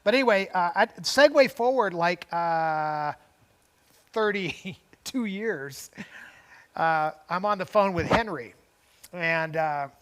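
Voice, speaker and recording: A man's voice: sits high, a little slow, a bit bright, smooth. An older man co-hosting a talk show, telling a long story in casual chat with many restarts, tangents and chuckles. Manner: rambling, goes off on tangents with frequent restarts; chuckles between phrases. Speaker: co-host.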